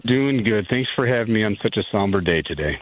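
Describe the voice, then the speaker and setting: A man's voice: fairly low pitch, animated, brisk, no room sound. A middle-aged man, a physician guest, speaking earnestly and somberly in a phone-in interview. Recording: tinny phone line.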